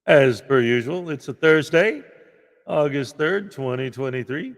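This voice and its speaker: Playful high-voiced livestream host man. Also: unhurried. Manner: playful, joking, sometimes shouting excitedly. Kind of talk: casual chat reading viewer donations. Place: small crammed home desk setup.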